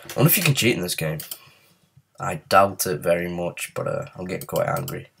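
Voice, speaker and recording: A man with a very deep, low voice narrates his gameplay as a let's play, sounding ill and growing frustrated. He mutters and swears at the game between comments, with a faint hiss behind him. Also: animated, brisk, vocal fry, fairly bright tone. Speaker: gaming channel host.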